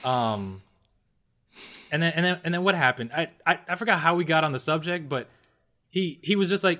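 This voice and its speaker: A young man in his twenties talking in casual chat, his voice a touch higher than most men's. He tells a story full of swearing, bursting loud and then dropping to a mutter. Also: moderate pace, long pauses. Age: 20s. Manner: animated, profane storytelling with swings from loud to muttered.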